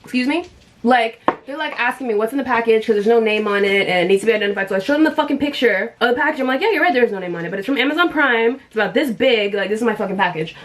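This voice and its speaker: A woman's voice: a little high, animated, rapid-fire, a little hiss or hum. A young woman vlogger telling a story in a blunt, heated, profane way while she does her makeup. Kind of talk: storytime vlog.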